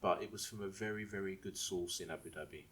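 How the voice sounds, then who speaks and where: A man with a very low voice, talking casually on a podcast. He rambles and restarts his sentences as he explains things to the other hosts. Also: quick pace, a bit bright. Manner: rambling, restarts and asks if he may speak. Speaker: podcast co-host. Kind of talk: casual chat.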